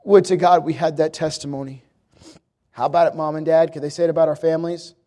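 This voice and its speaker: A young male preacher with a high-pitched voice delivers a sermon. He speaks emphatically, returning again and again to a refrain. His style is direct and energetic. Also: quick pace. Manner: emphatic, repetitive preaching with acted quotes.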